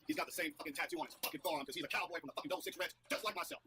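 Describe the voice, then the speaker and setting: A man's voice: on the high side, background noise. A man defending himself in a heated interview, ranting angrily and swearing constantly. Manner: angry, profane, rapid-fire ranting.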